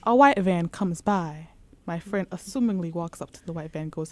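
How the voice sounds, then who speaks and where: A woman's voice: lowish voice, normal speed, no room sound. A woman co-hosting a radio show, telling a comic story with vivid, dramatic delivery.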